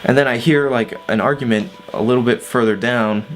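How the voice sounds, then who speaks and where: A man's voice: medium pitch, brisk, soft background music. A man casually telling a personal story on his vlog, laid-back with lots of fillers and swearing. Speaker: vlogger.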